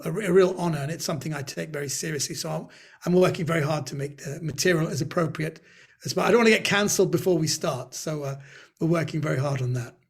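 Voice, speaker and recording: A man with a London accent telling stories in a webinar interview, lively and acting out the people he quotes. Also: a little high, vocal fry, breathy edge. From Britain. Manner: animated storyteller, acts out quoted voices. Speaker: guest comedian. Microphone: video call.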